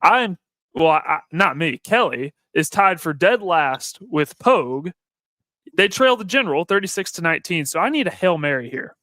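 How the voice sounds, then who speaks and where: A man's voice: a little high, sing-song, moderate pace, pushed and bright, no echo. A young man filling in on a sports radio panel, joking and self-deprecating. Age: young adult. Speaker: fill-in panelist. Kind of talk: casual sports talk.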